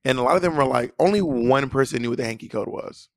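A man co-hosting a casual podcast chat, blunt, profane and animated in how he talks. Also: medium pitch, quick pace, vocal fry, no room sound, clean studio sound. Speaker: co-host.

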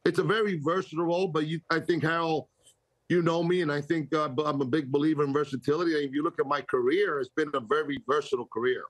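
A man's voice: on the high side, steady tone, fast, dry recording. Rambling older man, dry studio sound. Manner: rambling, self-correcting, laughs easily. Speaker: guest, baseball executive. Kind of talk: casual radio interview.

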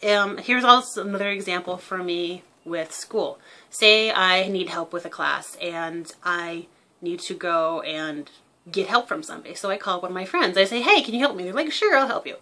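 A woman's voice: on the low side, moderate pace, sharp tone. A young woman who owns a parrot, talking casually and explaining bird behavior through everyday examples. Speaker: parrot owner giving behavior tips.

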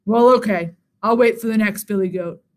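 A woman voicing a great big ugly male troll under a bridge in a storybook reading, with a low, gruff, threatening delivery. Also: moderate pace, natural voice. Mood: menacing.

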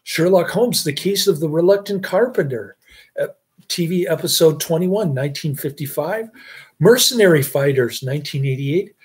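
A man's voice: fairly high pitch, moderate pace, slightly rough. A middle-aged man hosting a casual movie review chat, rambling with fillers and chuckles.

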